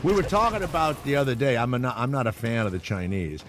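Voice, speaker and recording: A man's voice: mid-range voice, expressive, quick pace, very noisy. A man from Louisiana hosting a call-in radio show, ranting in a rambling, profane, opinionated way. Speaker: radio talk show host.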